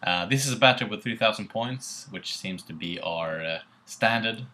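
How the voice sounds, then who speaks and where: Low, very bright-toned Swedish man. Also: normal speed. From Sweden. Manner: laid-back, swears casually. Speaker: co-host. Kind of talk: casual battle report commentary.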